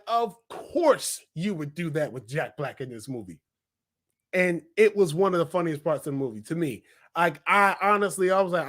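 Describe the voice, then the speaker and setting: A young man giving a casual, rambling film review, full of excited asides and filler words. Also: fairly high pitch, normal speed. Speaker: movie reviewer.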